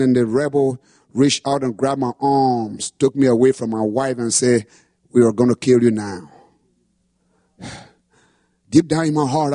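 A man preaching a sermon testimony with impassioned delivery that rises to shouts. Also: medium pitch, no room sound, studio quality. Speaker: pastor.

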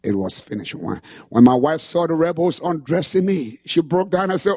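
A man preaching a sermon testimony with impassioned delivery that rises to shouts. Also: fairly high pitch, expressive, normal speed, few pauses, husky, no echo, clean studio sound. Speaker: pastor.

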